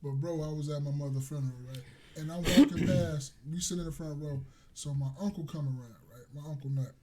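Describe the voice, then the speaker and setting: A Chicago man with a high voice tells a story on a podcast, loud and laughing as it builds. He sits a bit back from the mic, so his voice sounds distant. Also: brisk. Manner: animated storytelling, breaks into laughter, repeats "that's a fact". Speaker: podcast co-host. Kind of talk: casual chat.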